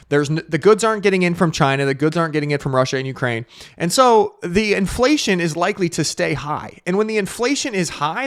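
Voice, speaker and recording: A man hosting a crypto trading show, giving energetic casual market commentary to camera on a webcam and checking in with "right?" again and again. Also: on the high side, no room sound, studio quality. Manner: energetic, repetitive, frequent "right?" tags.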